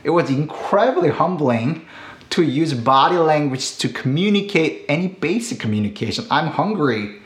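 A man in his thirties from Korea, speaking English with a Korean accent, preaches a sermon in an earnest, slow and deliberate way, with emphatic rises. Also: a little high, animated. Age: 30s. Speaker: pastor. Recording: echoey room.

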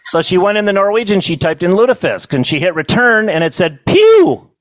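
A middle-aged man telling humorous stories to a banquet audience, with a deadpan comic delivery and chuckles. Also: high voice, fairly quick, background noise. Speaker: storyteller. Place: banquet hall.

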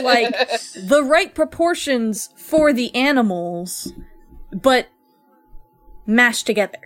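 Unhurried woman game master. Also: fairly high pitch, soft background music. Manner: relaxed, rambling, full of fillers and swearing. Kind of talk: narrating a tabletop game.

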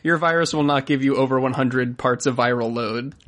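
A wry podcast co-host tossing off quick jokes in relaxed chat. The voice sits at a medium pitch and stays easygoing throughout. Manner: wry, joking, quick asides.

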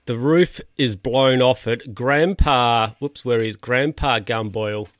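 A man's voice: medium pitch, takes it slowly, dry recording, clean studio sound. A man reading a children's picture book aloud, breaking off for wry, amused asides. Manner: amused, ad-libbing wry comments. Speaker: reader.

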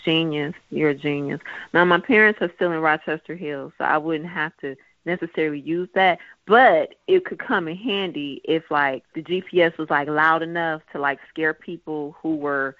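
A woman's voice: low voice, normal speed, few pauses, no echo. A woman chatting casually and laughing, often acting out little voices as she talks. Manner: animated, laughing, acts out voices. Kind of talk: casual chat. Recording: dry tinny phone-like line.

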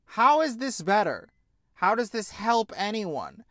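A young man, hosting and ranting sarcastically about a TV show, profane and prone to outraged yelling. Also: high-pitched, sing-song, measured pace, dry recording, clean studio sound. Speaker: podcast host reviewing a TV show. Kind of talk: casual rant.

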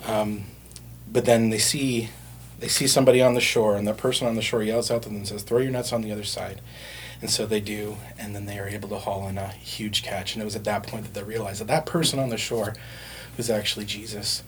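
A man's voice: lowish voice, level tone, brisk, slight background noise. A man preaching a sermon in a conversational way, with frequent fillers and restarts. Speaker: pastor.

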